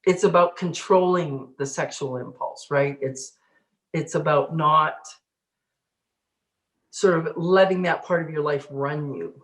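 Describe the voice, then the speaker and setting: A middle-aged woman speaks in a lowish voice, recounting her life in a relaxed interview. She tells it with animation, often laughing and acting out the inner voices she heard. The room around her is noticeably echoey. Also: a little slow. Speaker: interviewee, spiritual teacher. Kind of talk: casual storytelling interview.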